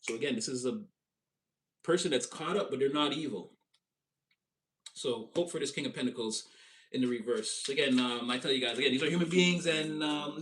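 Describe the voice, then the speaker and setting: A man giving a casual tarot reading, animated and rambling, with his voice jumping up for emphasis. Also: mid-range voice, a little hiss or hum. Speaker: tarot reader.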